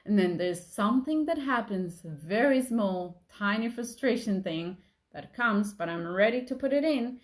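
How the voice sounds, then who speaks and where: A young woman giving a gentle talk about emotions, softly reassuring and acting out inner thoughts. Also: mid-range voice, expressive, normal speed.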